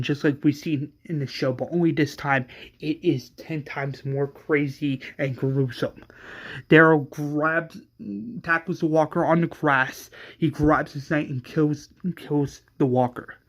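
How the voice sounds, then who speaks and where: A man casually retelling an imagined episode as a fan, excitable and profane. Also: fairly high pitch. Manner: excitable and profane, with many restarts. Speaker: fan storyteller.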